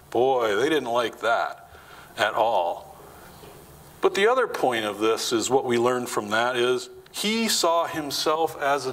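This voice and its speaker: A pastor with a fairly bright tone preaches to his congregation in a chatty style, asking them questions. When he quotes lines, he acts them out with his pitch rising. The recording sounds rough.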